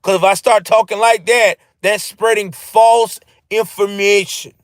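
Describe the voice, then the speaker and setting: Brief: high-pitched man ranting on a live stream, profane and animated, dry close sound. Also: unhurried, no room sound. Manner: profane, animated, answers chat. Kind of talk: ranting political commentary.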